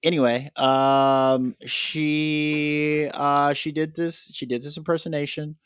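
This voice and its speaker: A man's voice: on the high side, level tone, slow, a bit bright, clean tone, dry recording. A man hosting a casual podcast chat, rambling with lots of filler words and restarts. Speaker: podcast host.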